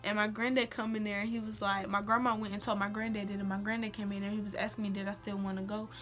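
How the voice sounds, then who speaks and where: A woman's voice: medium pitch, quick pace. A young woman telling a personal story in a casual, slangy vlog, acting out quotes. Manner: animated, slangy, acts out quotes. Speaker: vlogger.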